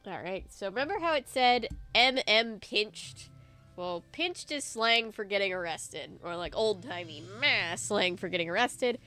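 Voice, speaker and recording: A woman's voice: medium pitch, lively intonation, measured pace, sharp tone, faint music behind. A woman hosting a let's play, chatting casually and thinking aloud while coughing from allergies. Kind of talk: casual gameplay commentary.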